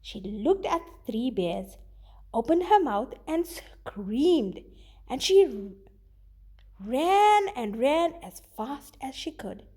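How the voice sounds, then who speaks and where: A woman teacher reading a children's story aloud with expressive delivery, then giving her students a worksheet task. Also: high voice, takes it slowly, breathy edge.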